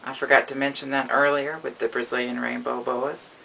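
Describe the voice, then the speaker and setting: A man's voice: medium pitch, level tone, fairly quick, gravelly, pushed and bright, a little hiss or hum, poor audio. A man narrating a casual vlog about his pet reptiles, rambling and affectionate, cooing at his animals. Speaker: reptile keeper.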